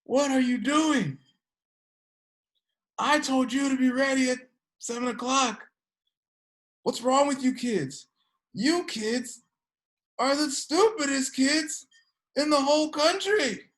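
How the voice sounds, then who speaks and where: A woman's voice: sits low, takes it slowly, pauses often, pitched below the performer's own voice. A woman voicing a stressed working mother who orders and scolds her children. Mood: yelling. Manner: scolding, bossy.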